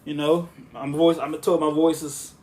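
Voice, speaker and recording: A podcast host with a slightly high, smooth voice that stays monotone and relaxing. He rambles casually, breaking off and restarting sentences as he goes. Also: normal speed. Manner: rambling, with frequent restarts and asides.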